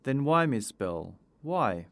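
A man's voice: mid-range voice, sing-song, slow pace, creaky, no echo, heavily acted. A man voicing a persistent male detective who questions firmly. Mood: stern. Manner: pressing, firm questioning.

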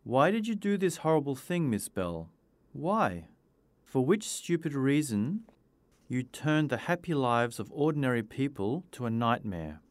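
Man doing a firm detective, storybook reading, lively pitch, dry close sound. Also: unhurried, no echo. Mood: stern. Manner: pressing, firm questioning. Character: stern male detective, persistent.

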